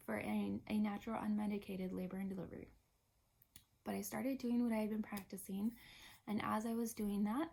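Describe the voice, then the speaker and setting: A young woman telling a personal story in a relaxed, chatty way. Her voice is gravelly with a husky, breathy edge, and she often sinks into a soft half-whisper. Her pitch sits at an ordinary middle level. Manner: chatty, drops to a hushed, partly whispered voice. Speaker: vlogger. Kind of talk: casual storytelling.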